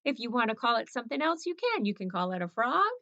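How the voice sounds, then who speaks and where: A woman's voice: on the high side, sing-song, quick pace, pushed and bright, no room sound. A woman teacher leading children through a morning routine in an encouraging, sing-song, playful way. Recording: slightly dull lo-fi recording.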